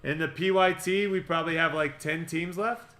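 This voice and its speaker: Bright-voiced man hosting a card-break stream. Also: fairly high pitch, fairly even intonation. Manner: rapid running patter of player names, joking asides. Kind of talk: livestream card-opening patter. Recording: echoey room with music behind.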